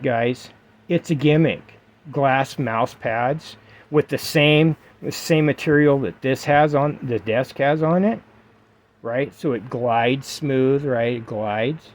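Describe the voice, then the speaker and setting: A middle-aged man giving casual vlog advice to his viewers, emphatic and repetitive, with lots of fillers. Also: medium pitch. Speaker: gaming vlogger. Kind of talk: casual vlog talk to camera.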